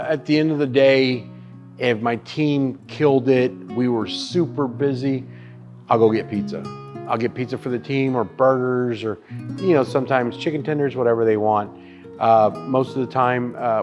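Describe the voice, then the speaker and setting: A man's voice: medium pitch, steady tone, moderate pace, highs cut off, music in the background. A man, a barbecue pitmaster and chef, telling his story in a casual interview with emphatic, profane talk. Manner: emphatic and profane, calls the listener dude and bro.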